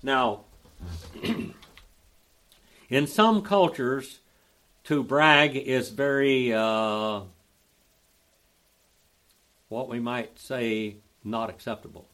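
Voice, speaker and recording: An older man with an Oklahoma Southern accent, teaching a Bible study in a folksy, drawling way and spelling out the Greek grammar slowly. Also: mid-range voice, a bit bright.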